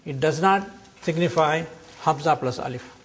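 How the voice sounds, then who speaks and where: An older man teaching a classroom lecture, explaining slowly and deliberately and drawing out example words. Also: fairly high pitch.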